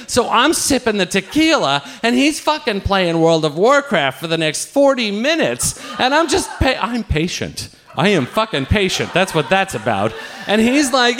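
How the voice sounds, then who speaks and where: An older man from Ireland telling a profane, comic story live, often laughing and loudly acting out the dialogue. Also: high voice, normal speed. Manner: profane, animated, laughing, quoting himself loudly.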